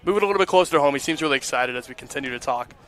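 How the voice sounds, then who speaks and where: A man's voice: on the high side, animated, very fast, fairly bright tone, smooth. A man working as an on-field reporter and analyst at a baseball game, talking in a friendly, conversational way. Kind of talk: sideline interview and game analysis.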